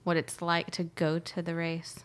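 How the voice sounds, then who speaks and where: With a fairly low pitch and a measured pace, this woman co-hosts a podcast. She chats casually and tells stories in a giggly, animated manner.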